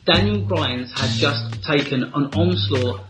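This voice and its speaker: A man's voice: on the high side, takes it slowly, over music, rough recording. Rambling, crude male podcast co-host. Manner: rambling, crude wrestling fan. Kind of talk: casual comedic chat.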